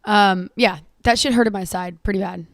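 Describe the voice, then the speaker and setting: A young woman hosting a casual solo podcast, sassy and profane, laughing often and calling her listeners girl and queen. She is tired and a little hoarse. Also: medium pitch, fairly even intonation, normal speed, no room sound. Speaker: podcast host.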